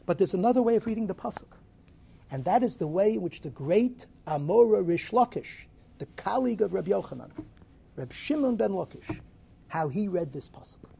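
A man giving a Torah lecture, dramatic and animated, swinging between loud rises and soft drops. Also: high-pitched, moderate pace, gravelly, husky. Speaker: Torah teacher.

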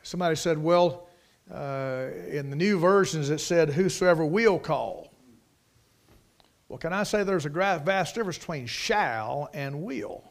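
A middle-aged preacher who also teaches at a Bible college delivers a sermon in a folksy style, his higher voice moving at a measured pace. Every so often he swells into emphatic bursts.

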